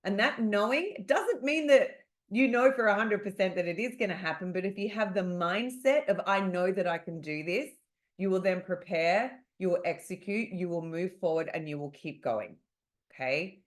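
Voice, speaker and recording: A woman's voice: mid-range voice, moderate pace. A woman with an Australian accent, a sales coach teaching on a video-call webinar in an emphatic, motivational way. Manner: energetic, motivational, emphatic repetition. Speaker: real estate sales coach.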